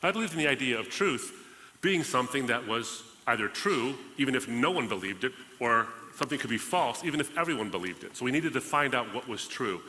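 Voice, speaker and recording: A man's voice: medium pitch, expressive, a little fast, pushed and bright. A man from the United States, hosting his podcast and telling his personal testimony in a conversational way, acting out past conversations. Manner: conversational, re-enacts past dialogues. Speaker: podcast host. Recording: reverberant hall.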